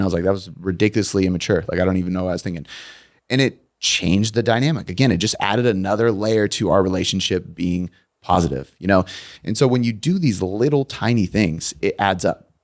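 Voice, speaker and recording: Male coach, deep, casual and blunt podcast guest. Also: brisk. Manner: blunt, profane storytelling.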